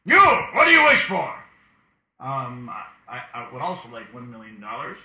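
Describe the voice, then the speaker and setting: A man voicing a male genie who grants wishes, making grand, slow proclamations. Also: medium pitch, wildly swooping pitch, pushed and bright, pitched below the performer's own voice, full character voice. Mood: commanding. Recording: roomy echo.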